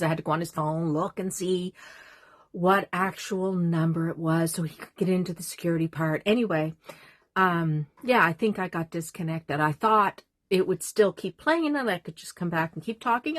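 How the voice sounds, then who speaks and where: A woman's voice: lowish voice, no room sound. An older woman talking to her camera in a small doll room at home, rambling and emotional, often losing her train of thought. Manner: rambling, emotional, easily sidetracked. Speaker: vlogger. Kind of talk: casual talk to camera.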